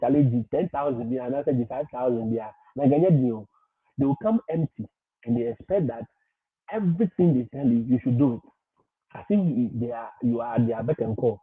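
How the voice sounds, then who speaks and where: A man's voice: mid-range voice, breathy edge. A man hosting a livestream and giving advice, talking emphatically, repeating his points and often laughing. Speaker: livestream host. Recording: tinny phone-like audio.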